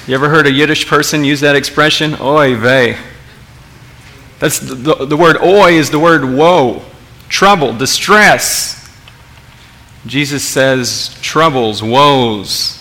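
Male pastor, casual sermon, forceful bright tone, halting restarts. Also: medium pitch. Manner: conversational, many restarts, asks the audience questions.

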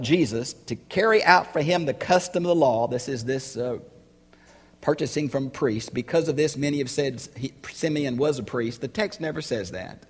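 A man preaching a sermon, emphatic and building to loud rhetorical questions. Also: fairly high pitch, breathy edge, in a large hall.

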